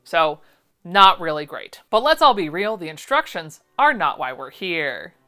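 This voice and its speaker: A woman with a bright, crisp voice reviews sewing patterns in a casual vlog. She talks in a sarcastic, animated, exasperated way, and soft music plays quietly behind her. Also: lowish voice, measured pace.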